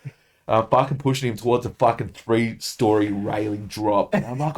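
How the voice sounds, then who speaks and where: An Australian man, a podcast guest, telling a story in casual chat, animated and constantly swearing. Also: fairly low pitch, moderate pace.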